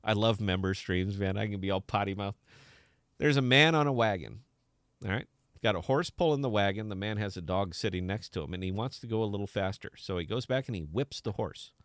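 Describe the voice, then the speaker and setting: A man's voice: fairly low pitch, a little fast, fairly bright tone, no room sound, clean studio sound. Brash, profane male podcast host. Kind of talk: casual unscripted chat.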